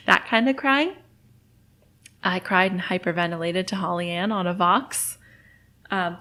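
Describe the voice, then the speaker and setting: A woman's voice: medium pitch, fairly bright tone. A young adult woman hosting a solo podcast, talking in a candid, encouraging way and laughing often. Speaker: podcast host.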